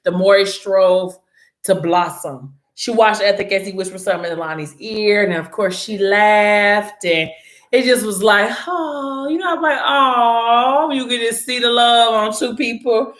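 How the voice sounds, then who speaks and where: A young woman recaps a story in a casual, animated way, full of slang and quick asides. Her voice sits at a middle pitch and rings in a roomy, echoey space. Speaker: book recap vlogger. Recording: roomy echo.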